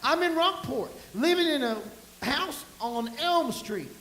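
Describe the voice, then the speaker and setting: A man's voice: extremely high pitch, lively intonation, unhurried, a bit bright. A man with a drawl preaching a folksy, storytelling sermon to his congregation, with emphatic bursts. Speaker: pastor. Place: church sanctuary. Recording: echoey room with faint hiss.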